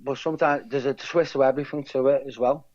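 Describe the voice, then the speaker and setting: A man's voice: medium pitch, fairly even intonation, fast talker, a little mellow. Guy chatting as an interview guest, keeps repeating himself, kinda muffled lo-fi sound. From England. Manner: rambling, with many repeated words and restarts. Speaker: guest, character lookalike. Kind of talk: casual interview chat. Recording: dull lo-fi sound.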